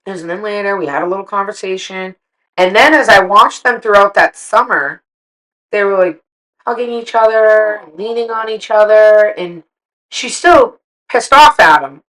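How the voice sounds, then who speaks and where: A middle-aged woman co-hosting a casual chat, telling animated, profane stories and acting out what people said. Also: mid-range voice, normal speed, low-quality recording. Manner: animated, profane storytelling with acted-out quotes. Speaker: podcast co-host.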